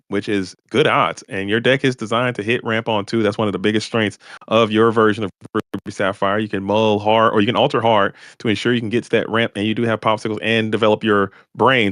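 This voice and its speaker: A man's voice: medium pitch, a bit bright, no echo, clean studio sound. A man commentating a live card game tournament stream, chatty and explaining each play as it happens.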